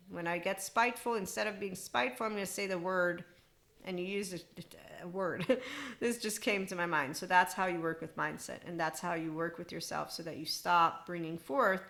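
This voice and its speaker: A woman in her forties talks through a self-help podcast on her own in a slightly low voice. She rambles from thought to thought with an irreverent, offhand manner. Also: pushed and bright. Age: 40s. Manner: rambling, irreverent, laughing asides. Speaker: podcast host. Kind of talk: solo spiritual self-help monologue.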